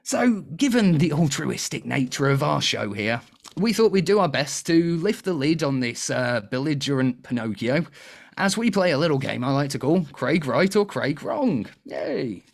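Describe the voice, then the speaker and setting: A man's voice: a little high, lively intonation, normal speed, vocal fry. Cheeky man hosting a quiz show. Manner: cheeky, chatty, laughs often. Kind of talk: casual comedic panel quiz hosting.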